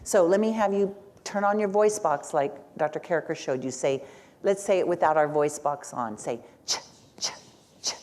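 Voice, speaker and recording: A woman's voice: deep voice, moderate pace, darkish tone. A woman speech-language pathologist, a native Spanish speaker, leading an interactive workshop and having the audience repeat sounds.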